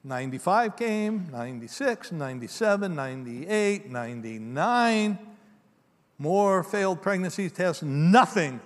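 A man, a pastor, preaching a sermon in a casual storytelling way, moving between emphatic and hushed delivery. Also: high voice, animated, unhurried. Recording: long reverb of a large hall.

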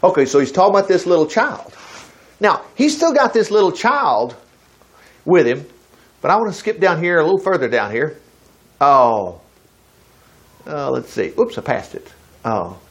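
An older man leads a casual Bible teaching, reading verses aloud and stopping to comment. His voice sits high and swings widely in pitch. He talks in a relaxed, chatty way and then rises into emphatic bursts. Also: moderate pace, long pauses, slightly rough. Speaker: preacher.

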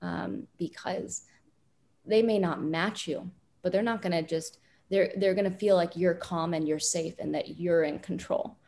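A woman parenting expert calmly explaining advice in an interview, with many fillers. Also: lowish voice, creaky. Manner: calm, deliberate, frequent fillers.

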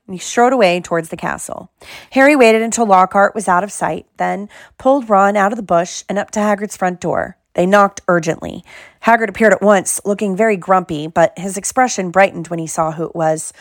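A woman reading a novel aloud in measured scripted narration, close to the mic. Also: medium pitch, no room sound. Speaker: audiobook reader.

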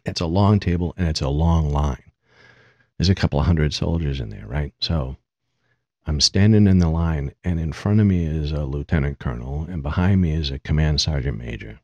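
A middle-aged man with an extremely deep voice tells a casual, rambling anecdote with an amused, self-mocking edge. The recording is dry and close, with a dull, lo-fi tone. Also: moderate pace, dark tone, no room sound. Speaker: podcast host.

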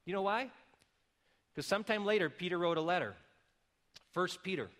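Bright-voiced preaching man. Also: high-pitched, expressive, moderate pace. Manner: builds from quiet explaining to loud emphatic calls. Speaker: pastor. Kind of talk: sermon.

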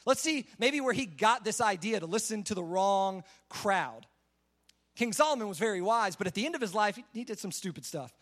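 Young male preacher, high voice, laid-back chatty sermon, lots of "like". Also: lively intonation, brisk, a bit bright. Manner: conversational, says "like" a lot. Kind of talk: casual sermon on a Bible passage.

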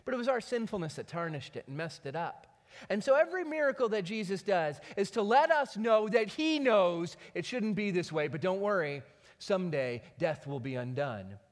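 A man preaching a sermon, retelling a story with animated, dramatic delivery. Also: high-pitched, moderate pace, big-room sound. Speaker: pastor.

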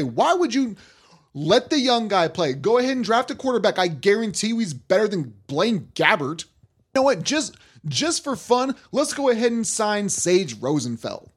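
A man hosting a sports talk podcast, ranting in a worked-up, animated way. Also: sits high, moderate pace, breathy edge. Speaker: podcast host.

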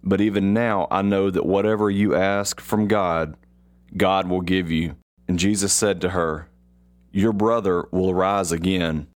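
Man, deep voice, unhurried, devotional Bible reading, repeats phrases for emphasis. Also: steady tone. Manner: slow and deliberate, repeats key phrases for emphasis. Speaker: podcast host.

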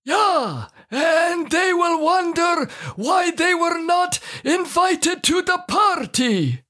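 A woman voicing a bumbling married man in a scripted comedy sketch, speaking halting broken English full of "uh" fillers. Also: extremely high pitch, lively intonation, fairly bright tone, full character voice. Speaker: co-host of a comedy show.

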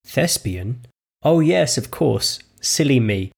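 A cheerful, simple-minded young woman, voiced by a man reading the story. She chirps along in a lilting, raised voice that keeps a gravelly, husky grain underneath. It suits a storybook reading. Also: mid-range voice, lively intonation, slow, heavily acted. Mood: innocent, chirpy.

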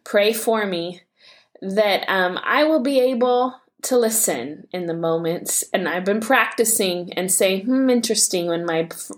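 A woman's voice: medium pitch, measured pace. A woman in her forties, a devotional host, sharing a candid, self-deprecating story about her son and praying aloud. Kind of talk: personal devotional talk with prayer.

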